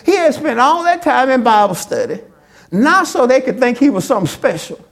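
Woman pastor preaching with animation. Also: moderate pace. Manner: animated preaching, acts out quotes with big swings in pitch and volume. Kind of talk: sermon.

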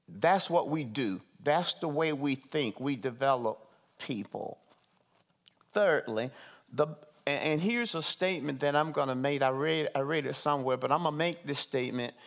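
A man with a slightly high, creaky, somewhat bright voice leads a meeting as his organization's CEO. He speaks to his staff slowly and emphatically, repeating phrases and posing questions to them.

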